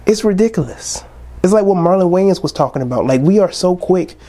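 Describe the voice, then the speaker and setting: Young male podcast host in his twenties, preachy ranting tone, slightly high and mellow. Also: fast. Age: 20s. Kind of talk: casual podcast monologue.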